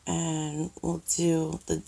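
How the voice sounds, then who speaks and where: A woman's voice: low-pitched, completely flat delivery, drawn-out words, gravelly, warm tone. A woman with a New York accent filming a casual makeup tutorial at home, rambling with lots of ums and restarts, a little nervous on camera. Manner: self-conscious, says she is nervous on camera. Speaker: makeup vlogger. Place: cluttered bedroom at home.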